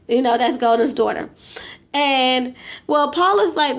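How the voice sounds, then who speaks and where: A woman's voice: high voice, a little slow, fairly bright tone. A young woman casually recapping a reality show episode, opinionated and chatty, peppered with "you know" and slang. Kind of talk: casual gossipy episode review.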